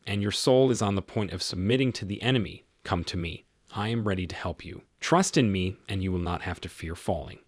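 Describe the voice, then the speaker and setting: A man reads out a stern but caring male spirit guide, admonishing in a low, husky voice. The delivery is earnest and measured. It sounds close and dry. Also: dry recording.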